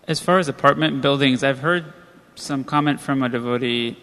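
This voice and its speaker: A man in the audience asking a halting question, restarting mid-sentence. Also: mid-range voice, fairly bright tone, slight background noise. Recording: echoey hall from off-mic.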